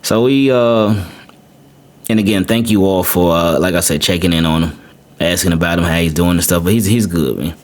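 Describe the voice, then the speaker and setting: A man's voice: low-pitched, normal speed. A man hosting a podcast, telling a personal story casually, often repeating words and adding "man". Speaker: podcast host. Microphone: podcast microphone.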